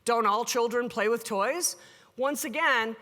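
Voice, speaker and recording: A woman giving a conference keynote, animated and joking, acting out the people she quotes. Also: a little high, measured pace. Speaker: keynote speaker. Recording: echoey hall with long reverb.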